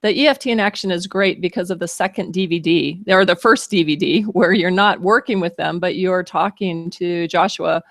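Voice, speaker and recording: A woman's voice: on the low side, moderate pace, creaky, hardly any pauses, no echo, studio quality. A woman host in casual interview chat, reflective and asking questions.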